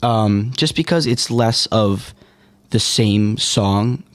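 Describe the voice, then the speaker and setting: A man's voice: lowish voice, slow pace, no room sound. A man co-hosting a music podcast, giving blunt opinions with hesitant fillers. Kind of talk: casual music podcast chat.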